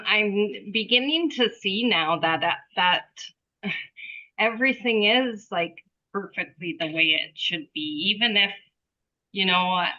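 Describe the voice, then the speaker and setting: Woman, slow and bright, animated storyteller, lo-fi call audio. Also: medium pitch. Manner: animated storytelling, acts out quoted thoughts. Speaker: group participant. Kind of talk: casual spiritual sharing. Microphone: video call.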